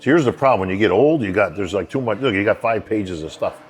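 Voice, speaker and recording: A man in his fifties with a New York accent, telling stories as a podcast guest with a distinct, calming voice and plenty of "you know" asides. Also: lowish voice, quick pace, slightly rough. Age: 50s. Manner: rambling storyteller, many "you know" fillers. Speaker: bodybuilding emcee, guest. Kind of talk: casual podcast conversation.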